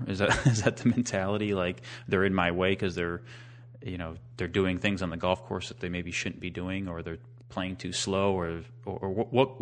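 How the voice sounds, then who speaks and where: A man hosting a casual podcast interview, chatty, asking long rambling questions. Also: deep voice. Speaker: podcast host.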